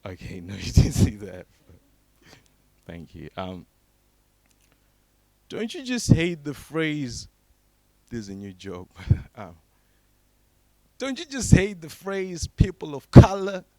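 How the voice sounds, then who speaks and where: Performing stand-up, a young Zimbabwean man delivers deadpan setups in a low voice before erupting into high, shouted character impressions. He takes his time with long pauses, and there's no echo.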